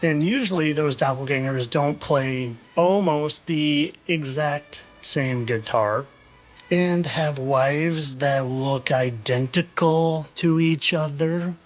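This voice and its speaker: A man's voice: on the high side, takes it slowly, lo-fi sound, faint music behind. A man hosting a commentary video, speaking in a knowing, rhetorical way and repeating phrases for effect. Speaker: video host. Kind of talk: insinuating commentary monologue.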